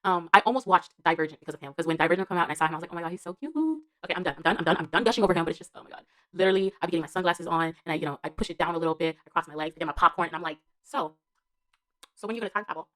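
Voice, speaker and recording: Fast-talking woman gushing in a casual vlog. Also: fairly low pitch, a bit bright. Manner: rambling and gushing, full of fillers and slang; laughs between remarks. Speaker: TV review vlogger. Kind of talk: casual spoken show review.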